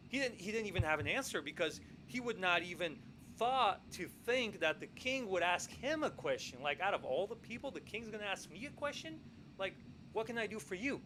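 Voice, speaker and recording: A man co-hosting a podcast, telling a story in casual, animated style, acting out quoted lines and often adding "right?". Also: sits high, slight background noise, poor audio. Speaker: podcast co-host.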